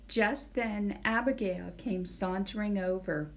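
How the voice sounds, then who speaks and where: Woman librarian, preschool storytime reader; slightly high voice, unhurried pace. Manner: gentle, expressive storytelling. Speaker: children's librarian. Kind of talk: reading a picture book aloud.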